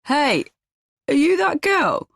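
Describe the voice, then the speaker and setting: A woman's voice: high-pitched, very animated, slow pace, creaky, dry recording, clean studio sound, voice pushed up, full character voice. A woman voicing a drunk, slurring middle-aged man in a pub. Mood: drunk, loud. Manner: slurred, loud and swaying.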